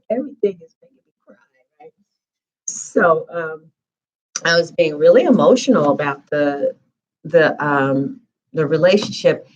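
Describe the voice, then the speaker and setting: A woman giving a tarot reading in a casual, chatty live-stream manner with lots of fillers. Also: on the low side. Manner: chatty, conversational, frequent fillers. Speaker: tarot reader.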